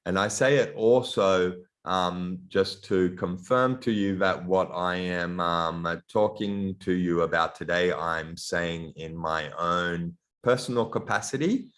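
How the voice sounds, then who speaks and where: A man with a very low voice and an accent that blends Australian and European sounds gives a lecture over a video call. He talks in a halting way, full of ums and restarted phrases. He speaks as a middle-aged guest lecturer through a computer mic. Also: fairly bright tone. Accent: Australian mixed with European. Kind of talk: online lecture.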